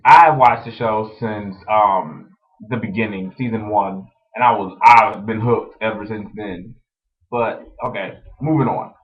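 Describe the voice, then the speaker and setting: A young man talking casually to his webcam, chatty and animated, telling stories with lots of "like". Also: on the low side. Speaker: vlogger. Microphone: webcam microphone. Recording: dull lo-fi webcam audio.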